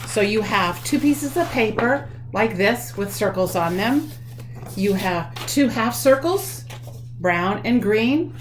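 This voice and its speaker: A woman leading a children's craft lesson from home, explaining things slowly and warmly for kids, with many pauses and ums. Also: medium pitch, animated, a little hiss or hum.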